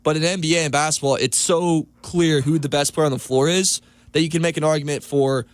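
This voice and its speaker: A man on a sports talk radio show, eagerly pitching and defending his own idea. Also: fairly even intonation, fairly quick, no room sound. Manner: eager, enthusiastic pitching ideas.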